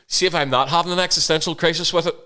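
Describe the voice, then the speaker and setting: A man's voice: fairly high pitch, steady tone, racing, bright, forceful tone, clean tone. A man co-hosting a podcast, chatting casually and swearing freely, acting out his stories in different voices. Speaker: podcast co-host. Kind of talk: casual banter.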